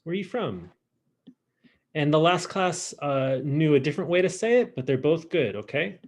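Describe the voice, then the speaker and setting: A man teaching a French class online, modeling pronunciation in an exaggerated, lively way over a video call. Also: on the high side, normal speed. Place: home, virtual class. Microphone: computer mic on a video call.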